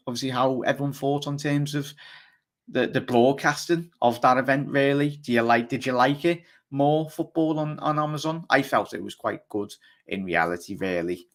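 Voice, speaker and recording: A man with a Liverpool accent hosting a live football fan show, chatting fast and rambling while reading out viewer comments. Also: mid-range voice, fairly bright tone. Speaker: fan channel host.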